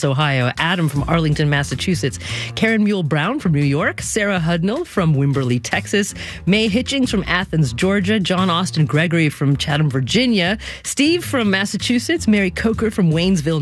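A woman hosting a radio interview, speaking in a measured way with a few restarts. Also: low voice, dry recording, studio quality. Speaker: radio host.

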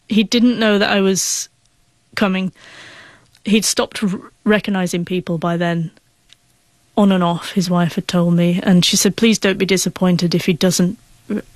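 A woman's voice: medium pitch, dry recording. A young woman speaks with a noticeable stutter, catching and repeating her first sounds. She tells a personal story as a guest in an interview, earnest and emotional. The sound is dry and close, with no room around her.

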